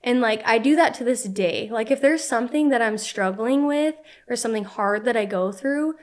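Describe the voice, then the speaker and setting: A woman's voice: a little high, moderate pace. A woman in her twenties, a podcast guest telling personal stories in an earnest, casual way, peppering her speech with "like.". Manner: earnest, heavy use of "like" fillers. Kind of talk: casual conversational storytelling.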